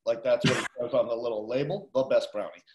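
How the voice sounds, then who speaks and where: A man co-hosting a radio food show, telling his stories with lively animation. His voice is at a middle pitch, and the recording carries a noticeable roomy echo. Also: fast. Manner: animated storyteller. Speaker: radio show co-host and food tour guide. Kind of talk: casual radio chat.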